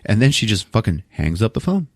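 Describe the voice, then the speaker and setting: A man's voice: fairly low pitch, brisk, breathy edge, no echo, studio quality. A man hosting a podcast, casually retelling a movie plot with lots of swearing. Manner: animated, profane storytelling. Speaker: podcast host.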